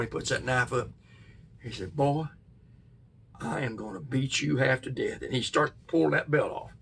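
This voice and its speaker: Gravelly man telling a ghost story. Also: a little high, pushed and bright, distant mic. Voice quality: gravelly, husky. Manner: folksy, drawn-out retelling with sudden bursts. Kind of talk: casual spoken ghost story.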